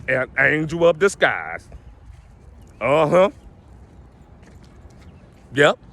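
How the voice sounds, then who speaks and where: A man's voice: fairly high pitch, a bit bright, husky. A man giving casual motivational advice, emphatic and preachy, often repeating his stock phrases. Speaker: vlogger giving life advice.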